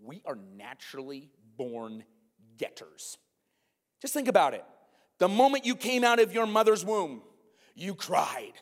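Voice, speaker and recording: A man preaching a sermon to his congregation, animated, with conversational asides. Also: high voice, long reverb tail. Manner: animated, talks to the congregation with asides and quick acted-out quotes. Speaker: pastor.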